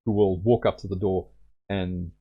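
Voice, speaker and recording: A man's voice: sits low, fairly even intonation, normal speed, slightly rough, muffled recording. A young man narrating a solo tabletop game in a rambling way with many fillers.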